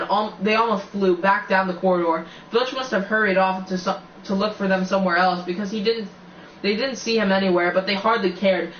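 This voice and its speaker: A man's voice: high voice, a little hiss or hum. A man reading a storybook aloud, often stumbling and restarting words. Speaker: reader. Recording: echoey, distant, muffled home recording.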